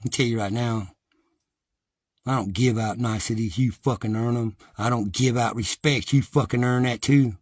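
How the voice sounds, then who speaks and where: A man's voice: medium pitch, steady tone, moderate pace, no room sound. A middle-aged man giving an impassioned, defiant monologue to his viewers, blunt and heavily profane. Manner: rises to agitated, loud ranting.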